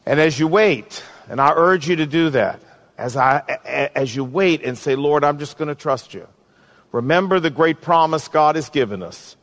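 A man, a pastor, preaching a sermon and then leading a slow, pleading prayer. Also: on the high side, expressive, a bit bright. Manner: earnest, pleading, slows for emphasis.

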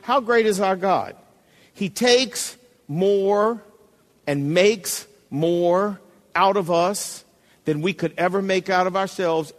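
A man's voice: high-pitched, long reverb tail. A male pastor preaching a sermon, emphatic and calling out to the congregation, at times reading a poem aloud with drama.

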